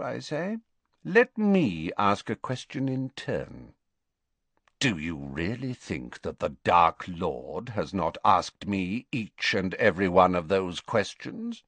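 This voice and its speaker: A man voicing a composed wizard spy who speaks in a calm, bored, measured manner. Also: low voice, dry recording, full character voice.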